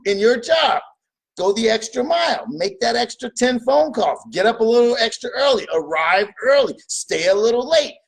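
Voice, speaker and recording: A man with a fairly high, husky voice delivers a motivational talk. He is emphatic and preachy. He hammers his points through repetition and answers his own rhetorical questions. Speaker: motivational speaker.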